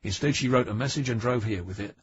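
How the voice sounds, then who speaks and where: A man voicing a patient, methodical male police detective who spells things out deliberately and emphatically. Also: medium pitch, slightly rough. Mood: explaining. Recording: dry, dull audiobook recording.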